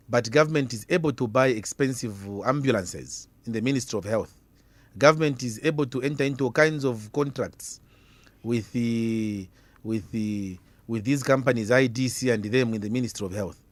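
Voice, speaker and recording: Speaking at medium pitch with no room sound, a man with a Zambian accent appears as an opposition guest in a radio debate. He's combative, driving his arguments home by asking the same questions again and again.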